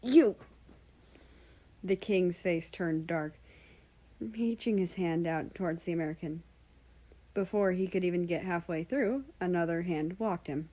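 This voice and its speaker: A woman reading fan fiction aloud as a storyteller, with an even narrating manner. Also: on the low side, moderate pace, low-quality recording. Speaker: story reader.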